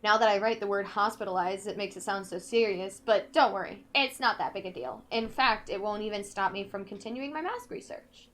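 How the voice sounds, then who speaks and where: A woman playing a video game, reading in-game notes aloud slowly and carefully, breaking off now and then to comment. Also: medium pitch, a bit bright. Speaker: let's play gamer.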